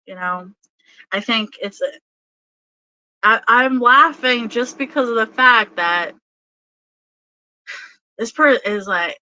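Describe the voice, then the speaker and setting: A woman's voice: a little high, slow, pauses often, bright, forceful tone, dry recording, low-quality recording. A woman giving a casual tarot reading who rambles with many fillers and laughs often. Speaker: tarot reader.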